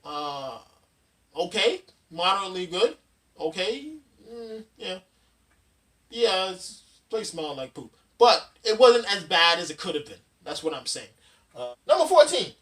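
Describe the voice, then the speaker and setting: A man's voice: sits high, fairly bright tone. A man in his thirties hosting a casual dad-advice vlog, rambling through a countdown list with plenty of fillers and restarts. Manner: rambling, chatty, with frequent fillers and loose restarts. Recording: voice somewhat distant from the mic.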